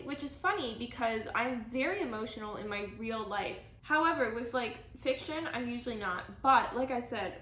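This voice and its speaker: A woman with a slightly high voice chats casually to camera as a book vlogger. She rambles and gushes, packing her talk with filler words and quick self-corrections. Her voice bounces around a roomy space, with a faint hiss underneath. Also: fairly bright tone. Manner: enthusiastic and gushing. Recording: roomy, echoey room.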